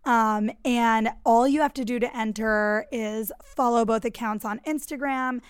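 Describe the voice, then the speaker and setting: A woman's voice: a little high, steady tone, clean tone, dry recording. Bubbly chatty woman host. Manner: bubbly, chatty, quick asides. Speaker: podcast host. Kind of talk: casual chat.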